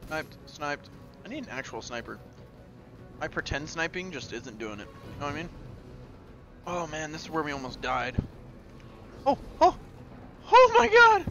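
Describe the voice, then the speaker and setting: A man streaming a game and commenting live, excitable and profane, playfully taunting enemies and talking to his chat. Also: on the high side, normal speed, long pauses, soft background music.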